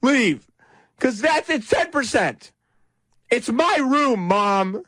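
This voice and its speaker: A man's voice: big pitch swings, takes it slowly, a bit bright, no echo, studio quality, full character voice. A man voicing a grown man who pouts and whines like a sulking teenager. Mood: whiny petulant. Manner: petulant, shrill, pouting.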